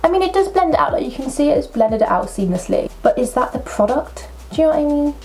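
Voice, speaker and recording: A young woman, chatting her way through a makeup tutorial at home with excitable, self-mocking asides. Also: high voice, fast talker. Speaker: makeup vlogger. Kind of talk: casual makeup tutorial chat. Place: at home at a table.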